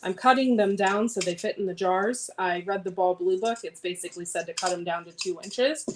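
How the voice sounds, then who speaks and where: A woman's voice: medium pitch, brisk. A woman chatting casually on a homesteading vlog, rambling and answering viewer comments while she cuts beans in her home kitchen. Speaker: homesteading vlogger. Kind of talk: casual livestream chat. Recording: clear background noise with clicks.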